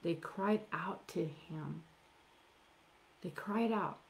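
A middle-aged woman delivers a sermon at an unhurried pace in a somewhat low voice. She leans hard on key words, stretches them out, and sometimes sinks to a hushed near-whisper. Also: vocal fry, a little hiss or hum. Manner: emphatic, with slow drawn-out stresses and soft near-whispered asides. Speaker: preacher.

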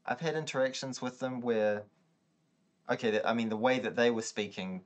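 A man, hosting a podcast in a relaxed conversation. He agrees readily and laughs along with his guest. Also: medium pitch, normal speed. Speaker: podcast host. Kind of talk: casual conversation.

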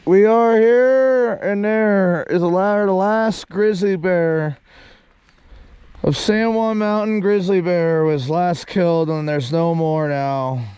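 A man's voice: high voice, takes it slowly, smooth, highs cut off. A man who is a long-distance hiker, talking to camera outdoors on a mountain road while he walks, exclaiming, swearing freely and whooping. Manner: exclamatory, profane, laughs often, loud whoops. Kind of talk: casual walking vlog monologue.

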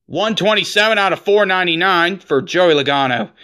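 A man in his forties narrating a card-pack opening in casual commentary, rattling off names one after another and saying he is shaking with excitement. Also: high-pitched, fairly quick, hardly any pauses, clear, resonant tone. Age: 40s. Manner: rattles off names in a running list. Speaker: card collector opening packs.

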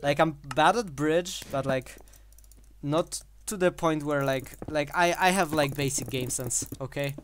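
A man's voice: fairly high pitch, a little slow, a little hiss or hum. Rambling young-sounding man commenting on gameplay. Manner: rambling, filler-heavy, laughs between phrases. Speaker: gaming channel host.

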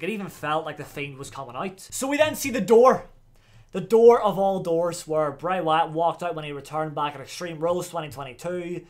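A man giving excitable, slangy commentary while reacting to a wrestling video. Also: a little high.

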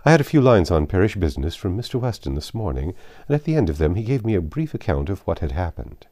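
A man reading a grave older gentleman's lines in a classic novel, speaking in a heartfelt way. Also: low-pitched, big pitch swings, fast talker, dry recording, clean studio sound. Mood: quiet.

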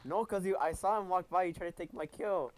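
A young man gaming with friends, reactive and quick to swear. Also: high-pitched, darkish tone, low-quality recording. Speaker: gamer. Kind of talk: casual gaming chat with friends.

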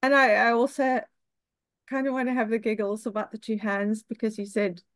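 A woman chats on a group call in a giggly, appreciative way. Her voice sits somewhat high. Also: flat delivery, normal speed. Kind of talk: casual chat.

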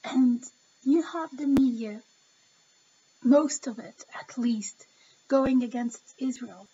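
A woman's voice: high-pitched, slow pace, mellow, husky, muffled recording. A woman giving an impassioned, emotional opinion vlog, talking straight to the viewer. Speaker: vlogger.

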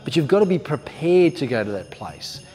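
A man tells a parable in a chatty, emphatic way, his voice sitting a little high. The sound carries a long hall reverb with faint music underneath. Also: very animated, fairly quick, darkish tone. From Australia. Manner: conversational, emphatic storytelling. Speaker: storyteller, speaker. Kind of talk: told parable for an educational talk.

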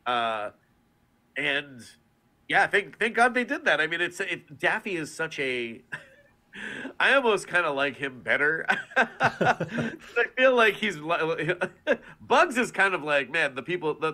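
A man speaking as a voice-actor guest in a relaxed interview, with a bright, ringing voice that sits a little high for a man. He speaks animatedly, laughs often and keeps slipping into character voices. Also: unhurried. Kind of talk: casual interview.

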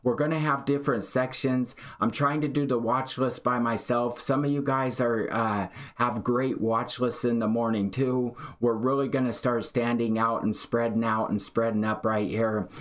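Guy hosting a trading livestream, hyped, shouting out chat names, mid pitch. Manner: excited, hyped, reads chat aloud. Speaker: day-trading livestream host. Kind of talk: live trading commentary.

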